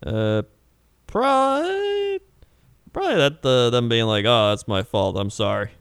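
A man's voice: mid-range voice, very animated, unhurried, a bit bright, clean tone, no echo, studio quality. A young man as a guest in a casual chat, laid-back, giving short agreeing answers and laughing often.

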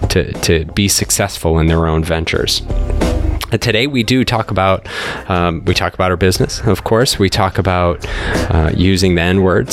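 A man hosting a podcast, talking through the intro with lots of fillers and repeated words. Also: low voice. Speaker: podcast host. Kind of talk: casual podcast talk and intro.

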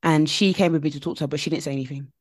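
A woman co-hosting a podcast, chatting casually and telling stories with animated, emphatic repetition. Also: deep voice, racing, dry recording, clean studio sound. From Nigeria. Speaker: podcast co-host. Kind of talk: casual chat.

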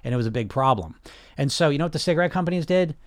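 A man's voice: fairly high pitch, expressive, racing, no echo, studio quality. A man hosting a casual podcast, talking bluntly and passionately, swearing often and restarting his sentences. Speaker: podcast host and weight loss coach. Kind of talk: casual unscripted podcast talk.

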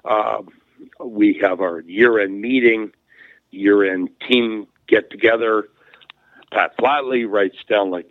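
Slow-talking man on a phone line. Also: fairly low pitch, dry recording. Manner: rambling, many fillers and restarts. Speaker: former hockey player, interview guest. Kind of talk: casual storytelling. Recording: phone-like narrow sound.

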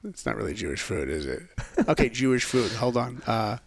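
A man being interviewed on a podcast, telling stories in a lively way and acting out the voices of people he quotes. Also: medium pitch, a little fast, breathy edge, no echo. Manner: animated storyteller who acts out quoted voices. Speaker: podcast guest. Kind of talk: casual storytelling interview.

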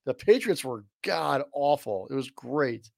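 A man's voice: mid-range voice, lively intonation, a little slow, vocal fry, dry recording, clean studio sound. A man co-hosting a podcast, blunt and laid-back, swearing freely in casual chat. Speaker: podcast co-host.

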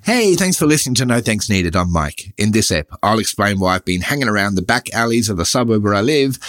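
A man's voice: on the low side, very animated, a little fast, fairly bright tone, no echo, soft background music. An Australian man hosting a comedy podcast, delivering a scripted satirical monologue in a sardonic, wry way.

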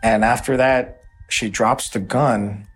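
A man telling an interviewer about a violent night in a halting way, often repeating his words. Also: medium pitch, fairly even intonation, soft background music. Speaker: interview guest. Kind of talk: personal account in an interview.

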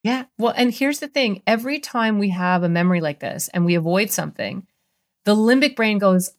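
A middle-aged woman therapist, medium-pitched and speaking a little fast, explains ideas in a podcast interview. She's animated and acts out little voices in her examples.

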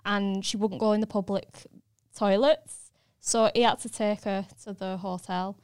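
Chatty British woman, clear dry voice. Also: mid-range voice, steady tone, unhurried, a little mellow, dry recording. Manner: chatty, giggly, tells a friend's story. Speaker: podcast co-host.

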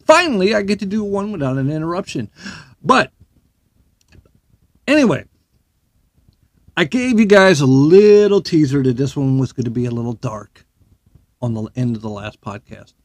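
A man's voice: a little high, animated, moderate pace, long pauses, a little mellow, dry recording. A man hosting a solo podcast, ranting bluntly and heatedly with plenty of swearing. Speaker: podcast host.

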